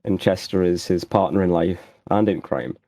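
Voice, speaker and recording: A man's voice: low voice, moderate pace, mellow, no echo. A man playing a tabletop game, describing his character with jokes, fillers and restarts. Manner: joking, rambling, hesitant. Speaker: player. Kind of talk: casual game chat.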